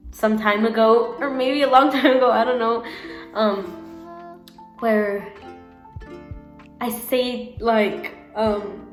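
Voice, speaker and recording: Giggly rambling woman vlogger, roomy sound. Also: mid-range voice. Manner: rambling, giggly, self-correcting, many fillers. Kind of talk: casual chat to camera.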